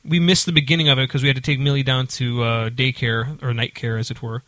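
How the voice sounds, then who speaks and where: A man's voice: medium pitch, level tone, fast talker, fairly bright tone, no echo. A man telling a long story in casual chat, with lots of fillers and restarts. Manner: rambling, many fillers and restarts.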